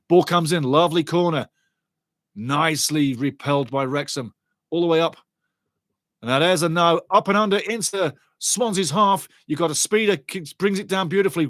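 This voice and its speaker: A man giving lively, chatty live football watchalong commentary and greeting viewers in the chat. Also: a little high, normal speed, no echo, studio quality.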